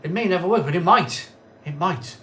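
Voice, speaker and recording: High-pitched with lively intonation, a middle-aged man speaks at normal speed over a faint hiss or hum. He hosts a craft beer live stream and, a bit tipsy after a pint or two, keeps up a chatty, rambling, repetitive patter with loud, cheery greetings.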